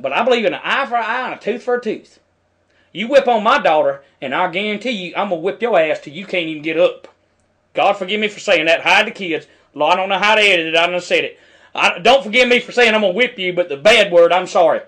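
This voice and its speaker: A middle-aged man rants in heated, preachy commentary over a news clip. His voice sits high and sounds bright and forceful. He argues straight at the screen. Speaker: video commentator.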